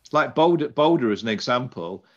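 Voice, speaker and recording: A man's voice: mid-range voice, lively intonation, brisk, lo-fi sound. A man, hosting a casual podcast chat and rambling through restarts. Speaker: podcast host.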